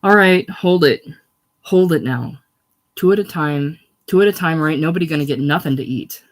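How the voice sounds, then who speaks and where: A man reading aloud voices a bossy orderly loudly barking orders at a crowd of patients. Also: fairly high pitch, moderate pace, close to an everyday voice.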